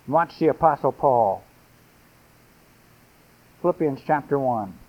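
A man's voice: medium pitch, lively intonation, takes it slowly. Emphatic man preaching, phone-like sound. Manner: preaching with rising, emphatic scripture readings. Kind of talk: sermon.

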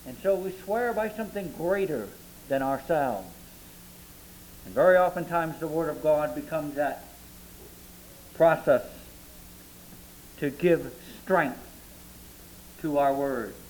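A man with a notably high voice preaches a sermon, working slowly through scripture verse by verse. He lingers on the words he wants to land, with a faint hum behind him. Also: expressive, darkish tone, rough recording. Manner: measured Bible exposition, slowing to stress key words. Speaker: pastor.

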